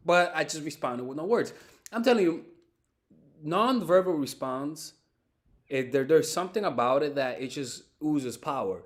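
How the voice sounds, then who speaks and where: A young man talks through dating advice in a loose, unscripted way. His voice sits a little high for a man and swings widely in pitch. He swears freely and often restarts his words. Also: animated, moderate pace. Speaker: dating coach. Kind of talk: casual advice monologue.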